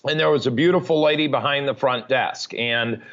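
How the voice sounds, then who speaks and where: Speaking at a medium pitch and a slightly quick pace, this man has a bit of brightness in his voice, though the recording is muffled. He's a recovery advocate guesting on a podcast, telling his life story plainly and without fuss in a candid interview.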